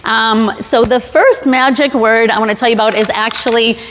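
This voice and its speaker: A woman's voice: fairly high pitch, fairly even intonation, moderate pace, a bit bright, a little hiss or hum. A woman giving a casual sales talk to a live audience, chatty and jokey with many fillers and restarts. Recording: long hall reverb.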